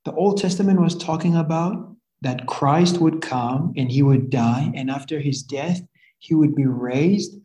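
A man gives a sermon slowly and earnestly, pausing to rephrase and repeat himself as he works through his point. His voice is soft and warm, and it rings in an echoey room. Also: a little high. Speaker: preacher.

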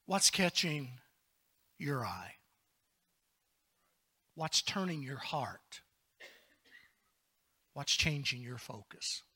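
Here a pastor gives a sermon that swings between whispered and shouted passages, prompting the congregation to respond. He speaks in a mid-range, breathy voice, very animated yet extremely slow, leaving long pauses.

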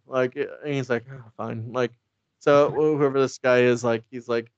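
A man in a casual, joking chat, rambling through a comic's plot and acting out the characters' lines in quick impressions. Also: medium pitch, no echo, highs cut off. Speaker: podcast co-host recapping a comic. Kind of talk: casual comedic recap.

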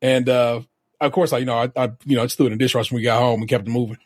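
Laid-back husky man, dry sound. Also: medium pitch, steady tone, rapid-fire, dry recording. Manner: laid-back storytelling, profane. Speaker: podcast co-host. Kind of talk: casual chat.

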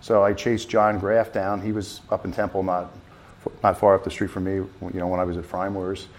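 A man telling a long story in an interview, rambling and animated with many restarts. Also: sits low, brisk. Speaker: festival volunteer driver.

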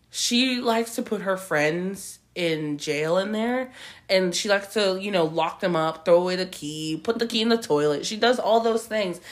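A woman co-hosting a casual podcast, telling stories with lots of expression and mimicking children in high voices. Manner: animated storyteller, mimics kids in high voices. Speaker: podcast co-host. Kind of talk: casual chat.

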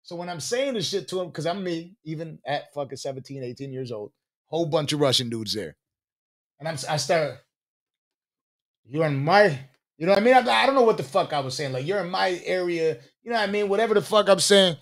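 High-voiced man telling a swearing story. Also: lively intonation, quick pace, fairly bright tone. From Buffalo, New York. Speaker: podcast co-host. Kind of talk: casual storytelling chat.

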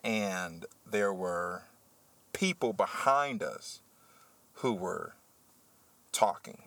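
A man who works as a teacher, hosting a casual podcast chat and telling a story with animated, heated energy. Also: low-pitched, very slow, no room sound. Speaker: podcast host.

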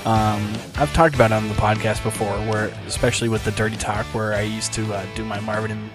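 A man hosting a casual comedy podcast, a stand-up comic who jokes freely and breaks into high mock voices. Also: level tone, quick pace, over music.

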